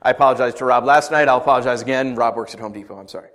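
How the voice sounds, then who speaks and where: A man's voice: mid-range voice, rapid-fire, fairly bright tone. A middle-aged man preaching a sermon, reading scripture and then explaining it in a loose, conversational way with asides and jokes. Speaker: pastor.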